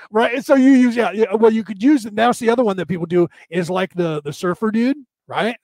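A man in his fifties in casual chat, rambling and animated with plenty of profanity. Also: sits high, fairly quick, dry recording. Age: 50s.

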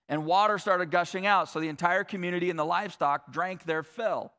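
A male pastor preaching a sermon in a conversational, animated way with casual asides. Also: high voice, moderate pace.

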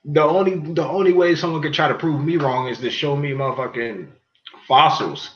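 A man hosting a podcast, arguing loudly and joking in casual banter, laughing often. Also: fairly high pitch, fairly quick. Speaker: podcast host. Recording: slightly dull sound with faint noise.

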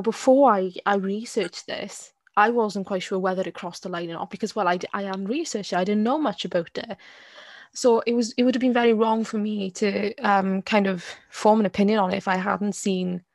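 There's vocal fry in this woman's medium-pitched voice as she co-hosts a casual podcast discussion, recorded with no echo. She hesitates, repeats words, restarts a lot, and keeps asking "you get what I mean."

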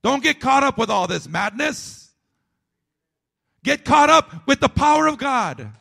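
A man preaching a sermon, emphatic and repetitive, dropping to a low, quiet delivery at times. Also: big pitch swings, measured pace, creaky.

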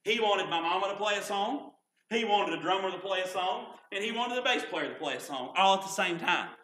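A man preaching in a folksy, repetitive style, his voice high and bright. He leans on homespun stories. His voice rings out through an echoey church sanctuary. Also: lively intonation, fairly quick. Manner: folksy, repeats "can I tell you what". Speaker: pastor. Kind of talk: sermon.

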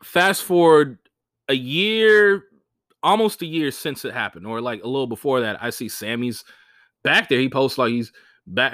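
A young adult man, a stand-up comedian, telling gig stories on a podcast in a casual, animated way, swearing freely and acting out the people he quotes. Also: a little slow, long pauses, dry recording, studio quality. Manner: animated, swears freely, acts out quoted voices with big pitch jumps.

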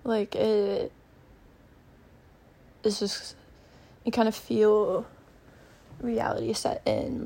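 A woman's voice: fairly high pitch, little pitch movement, drawn-out words, gravelly, long pauses, dark tone, husky. A young woman hosting a podcast, chatting in a meandering way and thinking aloud, with lots of fillers, from a bedroom at her mother's house. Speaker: podcast host. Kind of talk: rambling solo podcast chat.

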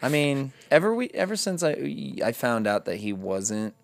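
A young man rants and jokes his way through casual podcast chat, swearing freely. His voice sits at an everyday middle pitch. The close mic sounds dry, with no room around him. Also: big pitch swings, normal speed, creaky, no echo, soft background music. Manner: swears freely, ranting and joking. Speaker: podcast co-host.

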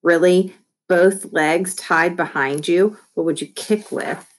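A woman's voice: on the low side, fairly even intonation, slow. A woman doing a whiny indignant young boy. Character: clever young boy friend, sulky.

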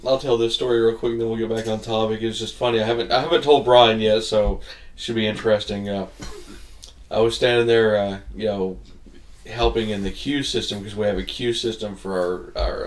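Animated man telling a story, echoey room. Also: fairly low pitch, moderate pace, far from the mic. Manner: animated storyteller, acts out voices, laughs a lot. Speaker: podcast co-host. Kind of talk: casual chat, storytelling.

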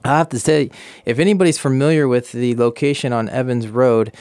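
A man, a pastor, interviewing a guest in a relaxed talk, rambling with many fillers and restarts. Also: mid-range voice, brisk, smooth, no echo. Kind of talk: casual faith interview.

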